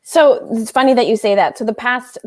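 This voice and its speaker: A woman's voice: a little high, fairly quick. A woman who works in recruiting, chatting casually on a video call in a conversational, easygoing way. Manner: chatty, conversational, laughs easily. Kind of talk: casual chat.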